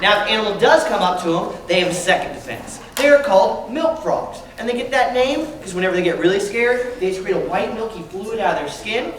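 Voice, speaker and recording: A man presenting a live animal show to children, talking with them in lively call-and-response. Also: sits high, fast talker, hardly any pauses. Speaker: animal educator. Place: large library room with a child audience. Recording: echoey hall, distant mic, crowd noise.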